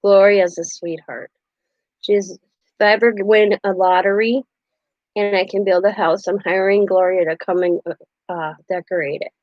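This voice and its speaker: Older woman, live-stream host, chatty and quick to laugh; dull, dry home recording. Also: mid-range voice, steady tone, no echo. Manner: chatty, laughs often, acts out quotes. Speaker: craft channel host. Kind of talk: casual live-stream chat.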